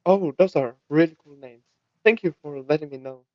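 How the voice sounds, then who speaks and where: A man voicing a friendly, polite alien woman in a tabletop role-play, speaking softly. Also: on the high side, normal speed, no room sound, lightly acted. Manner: soft-spoken, cheerful and polite. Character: soft-spoken alien woman, friendly and curious. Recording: dull, lo-fi mic.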